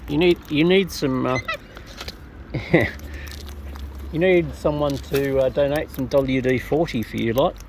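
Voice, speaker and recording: Her voice is extremely low and darkish, a little slow, with long pauses, as she casually coos baby-talk to the wild birds she's feeding. She's filming them outdoors, and birds fill the noisy recording.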